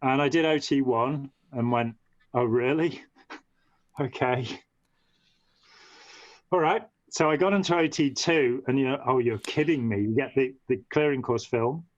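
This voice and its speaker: A man's voice: medium pitch, moderate pace, few pauses, dry recording. A man telling a long story as a podcast guest, rambling and restarting with frequent "you know". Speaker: podcast guest, former member of a movement. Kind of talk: long-form storytelling in conversation. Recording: dull, dry lo-fi audio.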